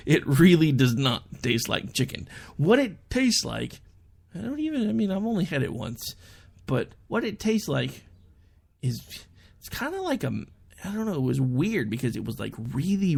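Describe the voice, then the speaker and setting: A man's voice: medium pitch, creaky, husky. A young adult man hosting an online talk show, chatting through a casual monologue and telling stories in which he quotes people in raised voices.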